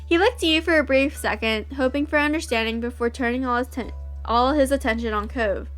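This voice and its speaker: A woman's voice: high-pitched, a little fast, fairly bright tone, faint music behind. A woman host reading a visual novel aloud, breaking off into giggly, gushing asides.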